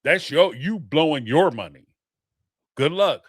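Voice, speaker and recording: A man hosting a reality-TV podcast, talking in an animated, profane way and laughing often. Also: on the high side, measured pace, dry recording, clean studio sound. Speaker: podcast host. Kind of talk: casual reaction commentary.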